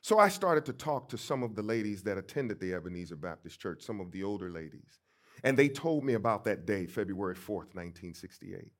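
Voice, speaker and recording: A middle-aged man from St. Louis, a pastor giving a storytelling sermon, emphatic and swinging between soft and loud. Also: fairly low pitch, lively intonation, brisk. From St. Louis, USA.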